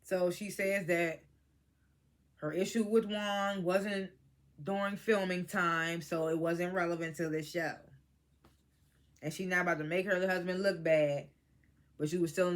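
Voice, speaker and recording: Here a vlogger reviews a reality TV episode in a casual, no-nonsense way, using a medium pitch at normal speed. The delivery is lively and full of swearing, with the cast's words quoted and acted out.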